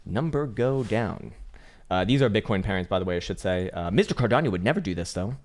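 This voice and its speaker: A man with a fairly low voice runs through crypto charts in a relaxed, conversational way. He jokes, swears casually and thinks out loud. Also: fairly quick. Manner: laid-back, joking, profane, thinking aloud with fillers. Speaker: crypto market analyst, channel host.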